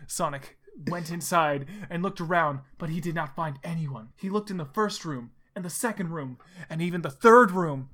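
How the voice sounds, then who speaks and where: A woman's voice: low-pitched, moderate pace, hardly any pauses, fairly bright tone. A woman co-hosting a comedy podcast, reading a silly story aloud in a mock-storybook manner.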